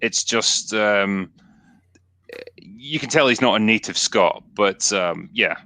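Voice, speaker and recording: Blunt, sharp-voiced Scottish man. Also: lowish voice, slow pace, no echo. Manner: blunt, sweary, rambling. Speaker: podcast host. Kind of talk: casual film discussion.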